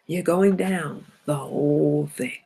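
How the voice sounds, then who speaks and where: Middle-aged woman host with a cold, slightly low voice, lively motivational talk that laughs and corrects itself. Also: slow, gravelly, slightly rough. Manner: animated, laughs and self-corrects often. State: has a cold. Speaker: host of a self-help broadcast.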